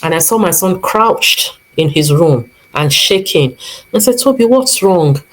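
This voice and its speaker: A woman's voice: sits low, animated, measured pace, a bit bright, poor audio. A woman with a Nigerian accent telling a personal story on her vlog in an earnest way, acting out the lines people said to her. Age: adult, previously married with a son. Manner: earnest, retelling events with quoted dialogue. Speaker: vlog host.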